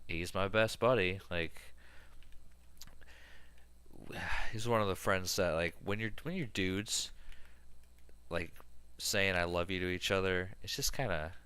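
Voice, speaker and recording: Deep-voiced man rambling on stream. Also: bright, forceful tone, clear, resonant tone, no room sound. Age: 30s. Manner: rambling, filler-heavy storytelling. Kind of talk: casual gaming stream chat.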